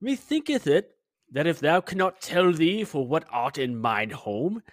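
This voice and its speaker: Man doing a 1500s English farmer, mock German accent, halting, pitch jumping high and low. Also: big pitch swings, no echo, clean studio sound. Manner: halting, stumbling over archaic words. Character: English farmer man from 1521, old-fashioned, chatty. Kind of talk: reading a message aloud in a put-on voice.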